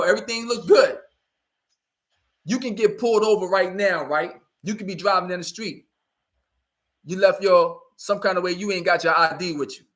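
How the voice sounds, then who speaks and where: A man's voice: sits high, fairly bright tone. A man giving a blunt, profane street-talk monologue, preaching to young people and often asking "you know what I'm saying". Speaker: community speaker.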